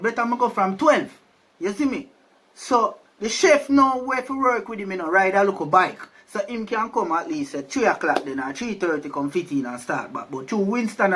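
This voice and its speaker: Jamaican male storyteller, high pitched, loose and conversational. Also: fairly bright tone. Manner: chatty, keeps asking "you see me?". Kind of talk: casual storytelling.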